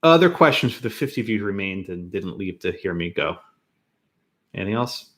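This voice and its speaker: Animated storytelling male law professor. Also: low-pitched, fairly quick. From New York. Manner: animated storyteller, chuckles often, self-interrupts. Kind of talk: lecture with a personal anecdote. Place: classroom.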